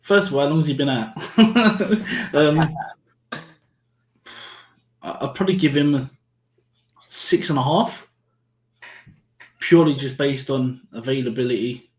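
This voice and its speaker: A man's voice: medium pitch, unhurried, long pauses. A man on a live football fan show, easygoing and laughing between his points. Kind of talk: casual live-stream chat. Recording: echoey room sound.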